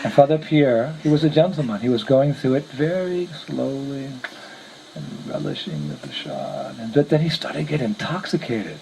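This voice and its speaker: A man's voice: medium pitch, animated, normal speed, vocal fry. A man, a visiting monk, telling a story to a gathering, chuckling often as he speaks. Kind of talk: storytelling talk. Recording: noisy lecture recording.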